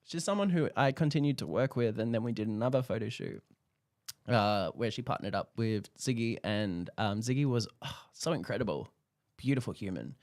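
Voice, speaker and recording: Animated young Australian man, dry close sound. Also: on the low side, fairly quick, no room sound. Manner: animated storytelling, acts out quoted dialogue, laughs often. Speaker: guest photographer. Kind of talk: casual interview chat.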